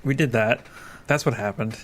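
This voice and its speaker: A man's voice: mid-range voice, moderate pace. Man, game player, self-mocking rambler, casual chat. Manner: self-deprecating, rambling jokes.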